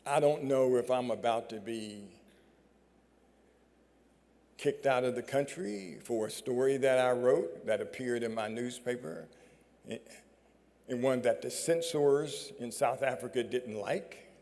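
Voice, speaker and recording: A man giving a storytelling speech at an awards ceremony, measured and full of dramatic pauses, on a stage microphone. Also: medium pitch, darkish tone. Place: large performing arts hall. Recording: long reverb of a large hall.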